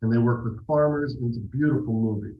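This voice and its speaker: A man's voice: medium pitch, quick pace, roomy sound, dull audio. A man being interviewed as an actor guest, talking reflectively and telling stories with restarts. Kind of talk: casual interview talk.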